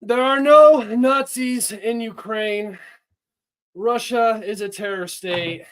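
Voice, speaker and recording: A man doing a deliberately bad, over-the-top impression of an impassioned wartime president, pitched high and shouting. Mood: frantic.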